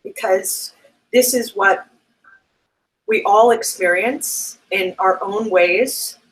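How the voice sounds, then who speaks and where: Woman interviewer, video call, gentle and reassuring, tearful at times. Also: mid-range voice, takes it slowly, poor audio.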